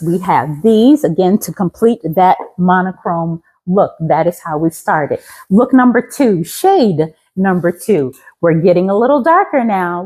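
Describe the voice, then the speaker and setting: A woman in her fifties from Louisiana, raised in Colorado, chatting enthusiastically as a fashion vlogger with the crisp diction of a trained singer, often repeating her phrases. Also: lowish voice, darkish tone, rough recording. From Louisiana, raised in Colorado from seventeen. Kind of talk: casual outfit show-and-tell.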